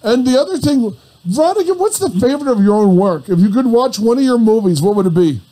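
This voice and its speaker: A man's voice: very high voice, animated, quick pace, dark tone, rough recording. A man hosting a morning radio show, effusive and gushing toward his guest. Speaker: radio host.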